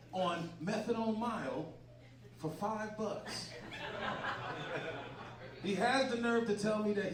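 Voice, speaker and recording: A man from doing a brash, profane stand-up set on a comedy club stage. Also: on the high side. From Boston. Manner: brash, profane, loud punchlines. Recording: echoey club, distant mic, crowd laughter. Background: audience laughter.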